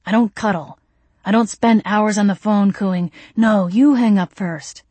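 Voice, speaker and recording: A woman's voice: fairly low pitch, fairly even intonation, a little fast, a little mellow, no room sound, lightly acted. A woman voicing an old-fashioned male vampire lover, bemused and soothing. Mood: dry.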